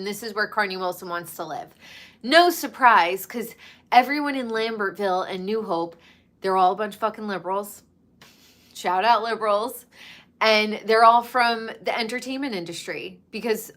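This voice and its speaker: Slow, chatty gossiping woman. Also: mid-range voice, bright, forceful tone. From New York. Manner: gossipy, chatty, drawn-out emphatic delivery. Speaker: pop culture commentator. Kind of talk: casual chat.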